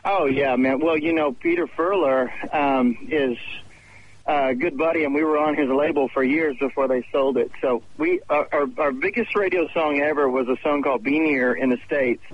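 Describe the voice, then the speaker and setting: A man's voice: fairly high pitch, moderate pace. A man calling in from backstage at a concert, chatting in an upbeat way for a phone interview. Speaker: guest musician. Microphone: phone call. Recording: dull lo-fi phone line.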